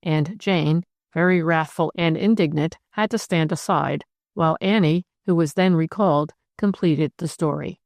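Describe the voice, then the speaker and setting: A woman narrating a classic mystery audiobook in a measured reading. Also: low-pitched, gravelly, a little mellow, dry recording, studio quality. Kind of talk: scripted narration.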